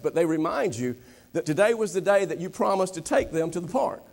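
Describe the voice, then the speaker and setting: A man preaching a sermon, with a dramatic delivery that swings from animated to hushed and low. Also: quick pace. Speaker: pastor. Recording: long hall reverb.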